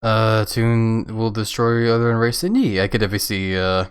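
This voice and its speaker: A man's voice: lowish voice, a little fast, clear, resonant tone. A man casually commenting while he plays a racing game on a live stream, chatty and laughing often as he thanks viewers.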